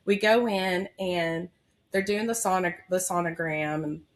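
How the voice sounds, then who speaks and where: A labor and delivery nurse in her thirties, appearing as a podcast guest, tells an emotional personal story in an interview. Her voice sits lowish and unhurried, and she speaks candidly and from the heart, with lots of filler words.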